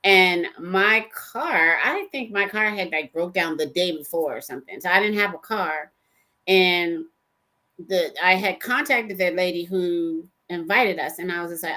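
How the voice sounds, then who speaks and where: A woman's voice: fairly low pitch, animated, moderate pace, sharp tone. A woman co-hosting a casual faith-based chat, telling a personal story and acting out the dialogue with jumps in her voice. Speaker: co-host.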